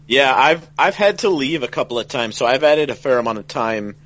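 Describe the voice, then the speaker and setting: A man's voice: mid-range voice, animated, a little fast, fairly bright tone, rough recording. A man co-hosting a casual podcast, rambling and restarting phrases as he thinks aloud. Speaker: podcast co-host.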